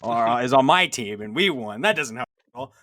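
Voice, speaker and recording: A man's voice: mid-range voice, animated, moderate pace, fairly bright tone. A man co-hosting a casual esports stream who banters in a playful, teasing way. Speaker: co-host.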